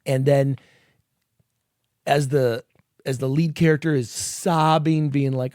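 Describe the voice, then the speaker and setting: A man's voice: mid-range voice, normal speed, no echo, clean studio sound. A man co-hosting a podcast in casual chat, swearing freely and acting out reactions as he talks. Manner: animated, swears freely, acts out quoted reactions. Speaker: podcast co-host.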